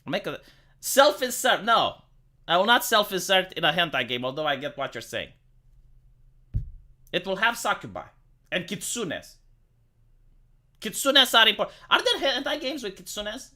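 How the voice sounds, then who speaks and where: A man's voice: high-pitched, sing-song, moderate pace, long pauses, sharp tone. A man from Romania, ranting casually to his live-stream viewers, swearing freely and stammering over repeated words. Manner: profane, stammering, repeats words when worked up.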